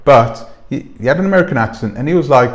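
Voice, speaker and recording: Here the commentary-channel host talks fast and with plenty of animation, his voice sitting at a medium pitch while the high frequencies are cut off. Wearing a clip-on mic, he speaks casually to the camera, meandering and asking viewers questions he doesn't expect answered.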